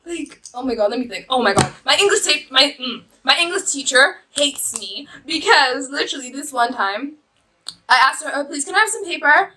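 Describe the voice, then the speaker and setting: A woman's voice: high voice, animated, normal speed, pushed and bright, rough recording. A young woman vlogging, telling rambling stories to camera with lots of fillers and giggles. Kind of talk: casual storytelling to camera.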